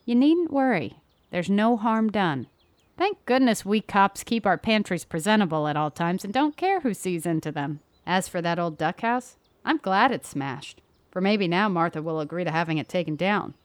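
A woman's voice: on the low side, expressive, normal speed, dry recording, voice pushed down, lightly acted. A woman voicing a kindly, small, older spinster who speaks amiably and reassuringly.

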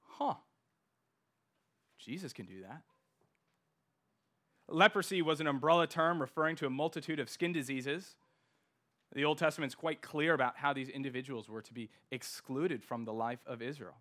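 Forceful, emphatic male preacher. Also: a little high, steady tone. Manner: emphatic, slows down to stress key words. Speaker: pastor. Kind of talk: sermon.

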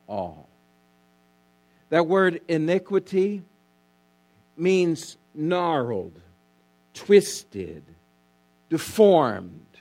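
A male pastor preaching a sermon, emphatic and repetitive, calling on the congregation to answer. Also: high-pitched. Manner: emphatic preaching, repeats key words, asks congregation to respond.

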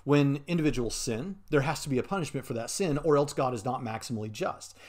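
A man's voice: mid-range voice, fairly quick, a little mellow. A man hosting a show, commenting casually on a played clip in an earnest, argumentative way, thinking aloud as he goes. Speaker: host.

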